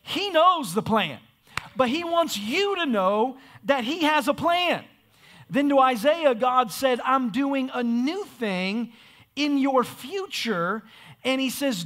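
A man's voice: very high-pitched, animated, takes it slowly, a bit bright. A man preaching a sermon in a church, emphatic and repetitive. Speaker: pastor. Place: church sanctuary.

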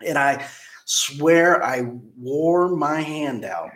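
A man, a car dealership manager, telling stories in a casual interview, rambling and repeating words as he lively retells events. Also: on the high side, very slow. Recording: roomy echo.

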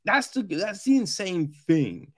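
A man giving a casual, profane film review, animated and often mimicking characters. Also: sits high, slow pace.

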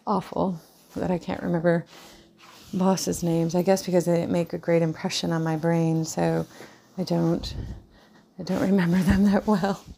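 Gravelly-voiced woman hairdresser podcasting. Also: fairly low pitch, flat delivery, moderate pace, mellow, slight background noise. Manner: rambling, with many fillers and restarts. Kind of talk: casual solo podcast talk.

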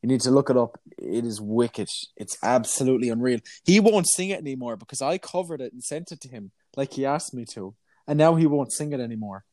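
A man's voice: mid-range voice, expressive, brisk, hardly any pauses, warm tone, dry recording. A nineteen-year-old man with a Galway Irish accent, a singer guesting on a podcast, chatting in a giggly, self-mocking way. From Ireland. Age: late teens. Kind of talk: casual chat.

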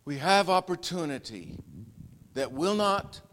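A man preaching with fervor and breaking into relaxed, joking asides. His voice runs high and swings widely, with an unhurried delivery. A long reverb hangs behind him, as if in a large hall. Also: a little hiss or hum. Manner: fervent, then chatty and self-deprecating. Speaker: pastor. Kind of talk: sermon.

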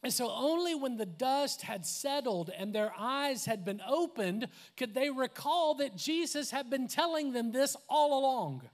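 A man preaching a conversational sermon as a pastor, animated, with laughs, asides and acted-out quotes. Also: very high-pitched. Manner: acts out quoted voices.

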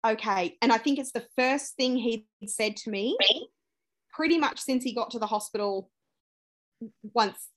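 A woman's voice: on the high side, measured pace, long pauses. Australian woman telling a personal story. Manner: candid, animated retelling with acted-out quotes and laughter. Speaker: podcast guest.

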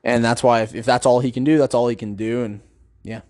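A man's voice: medium pitch, fairly even intonation, fairly quick, darkish tone, no room sound, studio quality. Enthusiastic man rambling about a film. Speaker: video reviewer. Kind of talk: casual film commentary.

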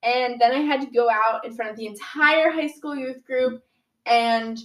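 A teenage girl recounts a story in a casual, animated way, sprinkling in "like" and acting out what everyone said. Her voice sits a little high. The room around her has a noticeable echo. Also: normal speed. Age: teens. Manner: animated, dramatic retelling with many "like"s.

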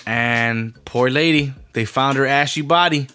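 A man's voice: medium pitch, a little slow, bright, forceful tone, slight background noise. Fired-up man ranting with profanity. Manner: heated, rambling, swears constantly, trails off and restarts. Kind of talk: profane casual rant.

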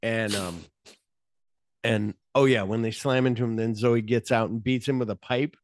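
Animated man recapping a movie, dry sound. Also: mid-range voice, normal speed, no echo. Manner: animated storytelling, swears freely, acts out characters' lines. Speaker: podcast host. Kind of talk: casual movie-discussion podcast.

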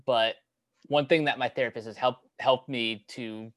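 A young man talking casually on a podcast, halting with many fillers and restarts. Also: medium pitch, steady tone, fairly bright tone, dry recording. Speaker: podcast co-host. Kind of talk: casual chat.

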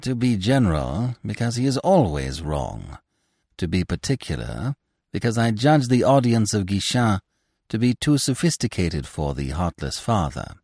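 A man's voice: on the low side, sing-song, moderate pace, darkish tone, husky, no room sound, clean studio sound, voice pushed up, heavily acted. A man voicing a small, whimsical male comic actor with wry, philosophical remarks.

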